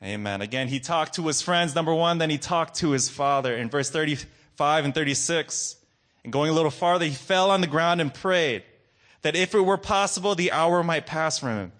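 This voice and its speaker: A young adult man preaching a sermon, calling to the congregation and swinging between raised, urgent lines and low, quiet ones. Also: lively intonation, normal speed. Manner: call-and-response preaching, rising and falling emphasis.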